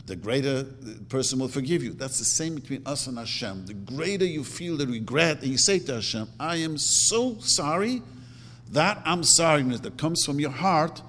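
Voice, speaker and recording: A man's voice: mid-range voice, lively intonation, normal speed. A man teaching a religious lecture, emphatic, repeating his words and acting out quotes. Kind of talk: Torah lecture. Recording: long hall reverb.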